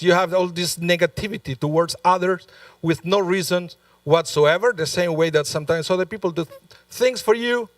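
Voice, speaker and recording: A man's voice: high-pitched, fairly bright tone, no echo, distant mic. A male rabbi delivering a sermon in a conversational, storytelling way, with frequent asides to the congregation. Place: synagogue sanctuary.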